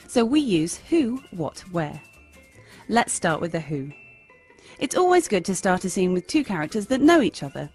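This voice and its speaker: Woman teaching improv, bouncy sing-song voice, soft music under it. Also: mid-range voice, slightly rough. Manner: bright, demonstrative, sing-song. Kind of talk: instructional narration.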